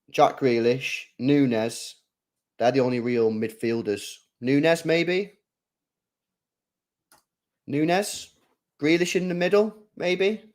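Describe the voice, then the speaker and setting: A young man giving live, slangy reaction commentary on a football match. He drifts between low mumbling and loud, sweary outbursts. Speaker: football watchalong streamer.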